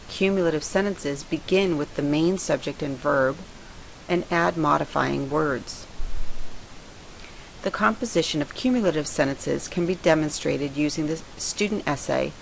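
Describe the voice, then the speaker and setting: A woman reading a scripted writing lesson in a measured, explanatory way. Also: low-pitched, creaky, slight background noise, low-quality recording. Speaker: writing teacher. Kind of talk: scripted lecture narration.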